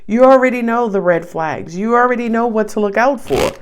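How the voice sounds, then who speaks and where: A woman's voice: on the high side, a little fast. Chatty tarot-reading woman, New York accent. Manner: chatty and animated, slangy asides. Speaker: tarot reader. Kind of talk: casual tarot reading to camera.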